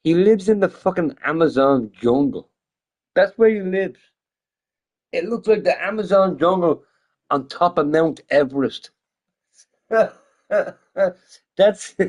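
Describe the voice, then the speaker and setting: A drunk man streaming games, rambling loosely, swearing often and repeating himself as he swings between loud outbursts and mumbling. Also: a little high. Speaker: gaming streamer. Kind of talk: rambling casual livestream chat.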